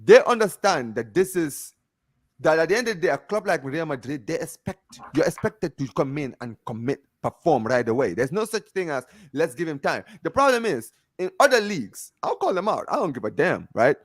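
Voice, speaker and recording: A man co-hosting a casual football debate over an online call, animated and emphatic, often asking if you understand what he's saying. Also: a little high, brisk, dry recording, studio quality. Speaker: football podcast co-host. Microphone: home mic over internet call.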